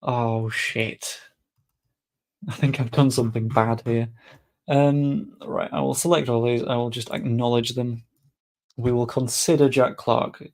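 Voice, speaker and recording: Young guy, gravelly voice, mutters casual game commentary, swears offhand. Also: mid-range voice, level tone, unhurried, a little mellow. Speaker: gaming streamer.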